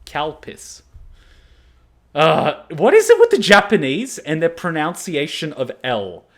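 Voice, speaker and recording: A man from Australia, hosting an anime reaction video and chatting casually with jokey, animated storytelling. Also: a little high, a little slow. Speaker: anime reaction channel host.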